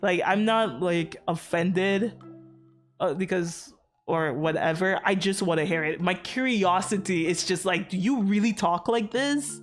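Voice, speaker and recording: A woman streaming and chatting loosely to her chat in a low-pitched voice, piling up fillers and curse words as she rambles. She is from outside America. Soft music plays faintly behind her. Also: measured pace. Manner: rambling, animated, frequent swearing and fillers. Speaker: VTuber streamer.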